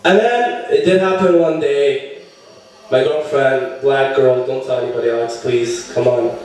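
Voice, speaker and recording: A man's voice: measured pace, darkish tone. A young man doing a crude stand-up set, telling stories and jumping into characters' voices. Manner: crude storytelling, acts out characters with jumpy pitch. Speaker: stand-up comedian. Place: comedy club stage. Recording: very echoey room, voice from far off the mic.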